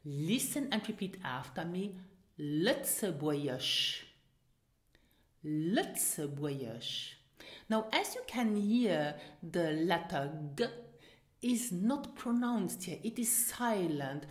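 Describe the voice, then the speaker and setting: A woman's voice: medium pitch, lively intonation, takes it slowly, a little mellow. A woman with a Luxembourgish accent teaching pronunciation, patiently drilling words for the listener to repeat. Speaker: language teacher. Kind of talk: slow pronunciation lesson. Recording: roomy echo.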